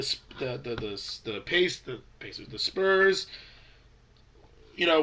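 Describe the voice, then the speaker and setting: This young man sounds stuffy and congested from a cold as he vlogs casually about basketball, rambling through opinionated predictions. His voice sits high and is gravelly, bright, and forceful.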